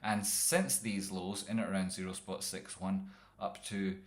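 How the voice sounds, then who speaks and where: A man's voice: low voice, level tone, a little slow. Rambling, jokey man breaking down charts. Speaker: trading streamer. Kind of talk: live chart analysis.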